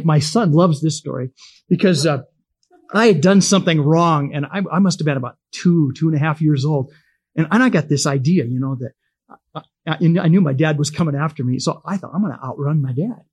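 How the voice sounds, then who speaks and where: A man's voice: on the high side, darkish tone, husky. A middle-aged man teaching from the Bible in a homespun, conversational way, telling personal stories and chuckling as he goes.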